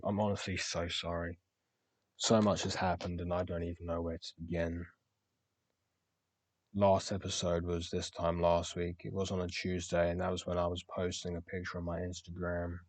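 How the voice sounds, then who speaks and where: A young man with a very deep, level voice speaks candidly in a personal, diary-like monologue. He pauses on words and restarts as he reflects. The recording is dry and close, with no room sound. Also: no room sound. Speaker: podcast host.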